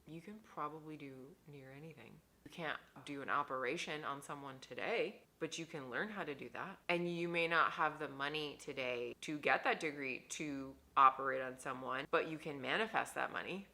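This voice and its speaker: A woman in her thirties, a mindset coach, talking to camera in a casual vlog, emphatic and scolding, dropping to whispers and rising to loud stresses. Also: sits low, moderate pace, few pauses.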